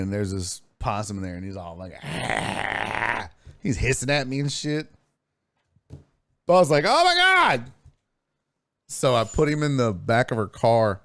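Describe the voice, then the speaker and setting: A man's voice: fairly low pitch, no echo, clean studio sound. A man hosting a sports live stream, chatting casually, telling stories, reading chat messages aloud and swearing freely. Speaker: sports streaming show host.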